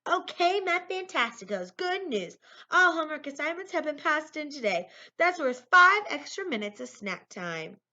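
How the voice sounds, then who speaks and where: A woman's voice: fairly high pitch, big pitch swings, brisk, few pauses, bright, forceful tone, pitched above the performer's own voice. A woman voicing a cheerful, upbeat male schoolteacher, reading a storybook aloud. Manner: cheerful, announcing. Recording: lo-fi recording.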